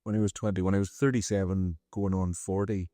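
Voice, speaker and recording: A middle-aged Northern Irish songwriter chatting on stage with an easy, storytelling manner. His voice sits low, and the close mic gives a dry sound with no room around it. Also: fairly quick, no room sound. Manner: relaxed, storytelling, self-deprecating. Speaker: songwriter guest. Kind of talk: on-stage conversation.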